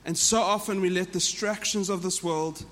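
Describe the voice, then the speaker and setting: A man's voice: high-pitched, steady tone, moderate pace, a bit bright, big-room sound. A man with a South African accent, preaching a sermon to a church in an earnest way that often repeats and restarts phrases. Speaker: pastor.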